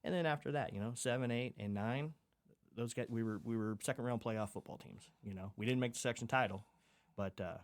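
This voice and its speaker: A man's voice: mid-range voice, brisk, no echo. A middle-aged man, a football coach, reminiscing in a matter-of-fact way as a podcast guest. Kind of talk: casual interview talk.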